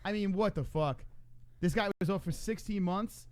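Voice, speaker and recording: A man's voice: high voice, moderate pace, darkish tone. A man hosting a casual live stream, teasing his co-host and laughing with profane banter.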